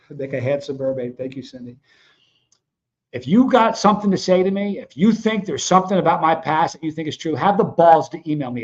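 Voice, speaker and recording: A man hosting his own livestream, talking casually and bluntly to his viewers in a fired-up, confrontational way. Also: fairly high pitch. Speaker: host of a livestream show. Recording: dull lo-fi sound.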